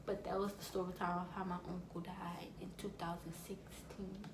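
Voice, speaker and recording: A woman's voice: lowish voice, little pitch movement, moderate pace. A woman vlogger telling a casual, emotional story, rambling with many asides. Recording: echoey room with light background noise.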